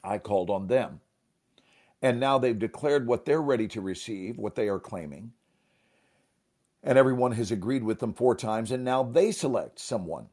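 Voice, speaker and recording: Guy explaining an improv game, voice swings up and down a lot, chants and coughs now and then. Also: mid-range voice. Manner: animated, rhythmic chanting and snapping; occasional coughs, pauses to sip water. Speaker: improv teacher and guest. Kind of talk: conversational teaching.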